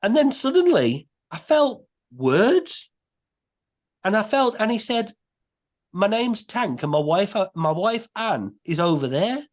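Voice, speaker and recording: A man, a podcast guest telling a story in a casual, animated way. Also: sits high, unhurried. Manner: animated, many restarts and quoted voices.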